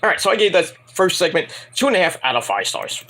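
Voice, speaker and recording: A man's voice: high-pitched, quick pace. A man casually reviewing a wrestling show in a vlog, rambling, profane and opinionated. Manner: animated, bursts into put-on voices.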